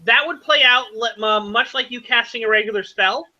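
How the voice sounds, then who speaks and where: High, bright-voiced game master. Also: male voice, highs cut off. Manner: halting, many fillers and self-corrections. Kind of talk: narrating a tabletop game.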